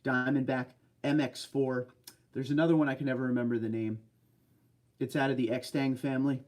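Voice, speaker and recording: A man's voice: mid-range voice, level tone, a little fast, a little mellow. A man hosting a casual livestream from a desk chair at home, chatty as he reads viewer comments aloud and answers them. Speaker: livestream host.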